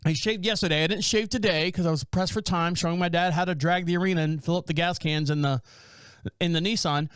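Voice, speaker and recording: High-voiced, smooth-toned rambling male host. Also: steady tone, quick pace, a bit bright, dry recording, studio quality. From North Carolina. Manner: rambling, self-interrupting storyteller who acts out neighbors' lines. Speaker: podcast host. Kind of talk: casual solo podcast monologue. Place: small home studio.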